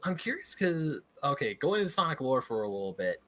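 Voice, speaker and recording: An American man hosting a casual podcast chat, enthusiastic and quick to go off on nerdy tangents. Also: a little high, sing-song, a loud crowd. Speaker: podcast host.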